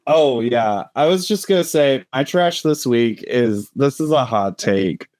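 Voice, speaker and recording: A man co-hosts a casual podcast chat, rambling through jokey rants full of fillers. His voice sits at an ordinary middle pitch. The sound is dry and close, with no room echo. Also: expressive, unhurried, a little mellow. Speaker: podcast co-host.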